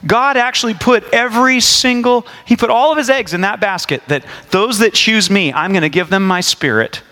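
A man's voice: sits high, normal speed, bright, forceful tone. A man in his forties preaching a sermon in a conversational, storytelling way, with jokes, asides and frequent restarts. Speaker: pastor.

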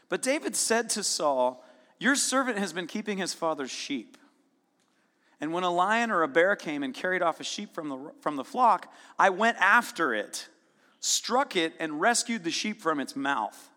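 A man preaching a sermon, retelling a story in a casual, lively way and voicing its characters with sudden bursts of intensity. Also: high-pitched. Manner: storytelling with casual asides and quick dramatic voicing. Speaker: pastor. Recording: long reverb of a large hall.

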